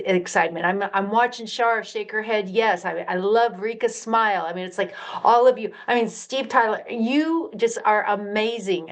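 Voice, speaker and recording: A woman mentor closing a business training on a video call, speaking in an appreciative, encouraging way. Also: mid-range voice. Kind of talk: encouraging wrap-up talk.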